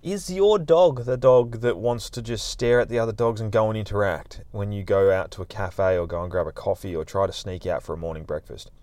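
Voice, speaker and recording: A man's voice: fairly low pitch, fairly quick, few pauses, darkish tone, dry recording. A man hosting a podcast, telling a story in a chatty, laid-back way. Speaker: podcast host, dog trainer. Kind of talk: casual storytelling monologue.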